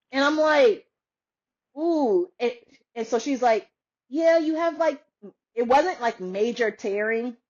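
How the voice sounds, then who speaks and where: Lively higher-voiced woman telling a story. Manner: animated, laughs often, acts out quoted voices. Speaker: podcaster. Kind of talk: casual storytelling chat. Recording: dull lo-fi sound.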